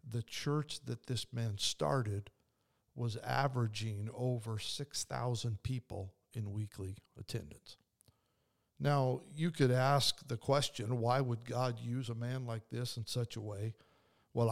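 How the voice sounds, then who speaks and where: A man's voice: mid-range voice, gravelly, darkish tone. A man hosting a faith podcast, speaking earnestly and conversationally with frequent restarts. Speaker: podcast host and preacher. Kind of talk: devotional podcast talk.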